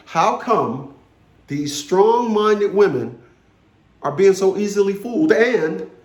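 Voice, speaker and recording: A man's voice: sits high, darkish tone, reverberant. A man in his fifties, ranting bluntly to camera and telling a story, profane and commanding, repeating phrases for emphasis. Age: 50s. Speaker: vlogger.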